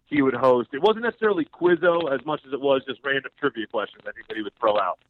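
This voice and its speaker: A man's voice: medium pitch, fast, a little hiss or hum. Man telling stories over a phone line. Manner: relaxed, rambling anecdotes with fillers and laughs. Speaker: phone-in guest. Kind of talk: casual chat, storytelling.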